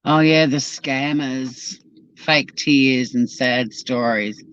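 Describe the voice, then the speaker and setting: A woman's voice: very deep voice, slow pace, clean tone, no room sound. Blunt, sweary Australian woman chatting. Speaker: livestream host reading chat. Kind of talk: casual chat while driving. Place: car. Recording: dull, dry lo-fi sound.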